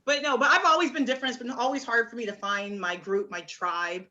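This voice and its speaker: Bright-voiced woman doing stand-up. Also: a little high, lo-fi sound. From Oklahoma. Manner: halting delivery with many "um"s and restarts, dry punchlines. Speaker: stand-up comedian. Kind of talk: stand-up comedy set. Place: comedy club stage with audience.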